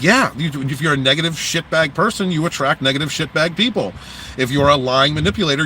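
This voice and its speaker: A man's voice: medium pitch, sharp tone, a little hiss or hum, rough recording. Blunt, profane man ranting on a livestream. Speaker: livestream host. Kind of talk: casual livestream talk.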